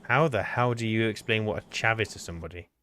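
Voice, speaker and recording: Co-hosting a gaming stream, a man with a fairly low, smooth, fairly bright voice chats casually and fast. He's hesitant and rambling, often restarting his sentences.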